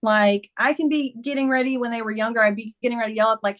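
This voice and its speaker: Earnest middle-aged woman, slightly high voice. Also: fairly even intonation, quick pace, hardly any pauses, a bit bright. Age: 50s. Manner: earnest storyteller, acts out quoted dialogue. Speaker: guest, memoir author. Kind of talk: candid interview conversation.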